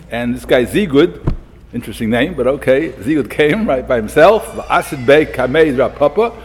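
A man lectures as a yeshiva rabbi, his voice somewhat high and husky. He talks animatedly, acting out the people in the story, and peppers his talk with Hebrew and Yiddish words. A long hall reverb trails behind every phrase. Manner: animated, acts out quotes, sprinkles Hebrew and Yiddish terms. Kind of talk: Torah lecture to students.

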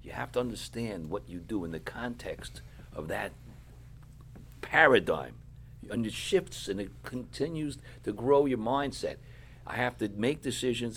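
Tired middle-aged rabbi giving a sermon, clears his throat often, mid pitch, faint noise. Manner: frequent throat clearing, emphatic repetition. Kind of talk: sermon to yeshiva students.

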